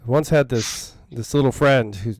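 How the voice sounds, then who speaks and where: A man playing his character in a tabletop game, telling a halting, rambling story. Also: medium pitch, no room sound. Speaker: player. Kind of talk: in-character tabletop role-play.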